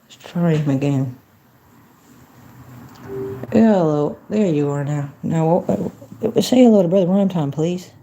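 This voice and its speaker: Woman, livestreamer, folksy and chatty, low voice, very dark and mellow tone. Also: a little slow, pauses often, slight background noise. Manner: folksy, chatty, talks to chat and phone assistant. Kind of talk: casual livestream chat.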